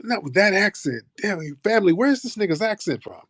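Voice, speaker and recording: An American man hosts an online audio show, bantering loosely and playfully with lots of swearing in casual chat. His voice is high-pitched and sing-song, fairly quick, with clean studio sound and no room echo.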